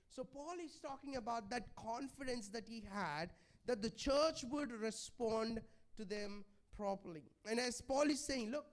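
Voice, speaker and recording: Man, high voice, church sermon, pleading conversational preaching. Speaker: pastor.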